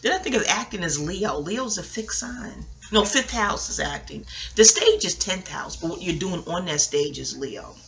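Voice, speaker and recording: A woman's voice: lowish voice, expressive, moderate pace, fairly bright tone. A woman, rambling through a casual, profane TV recap at home, digressing and laughing often. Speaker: vlogger reviewing a TV episode. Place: home, near a kitchen.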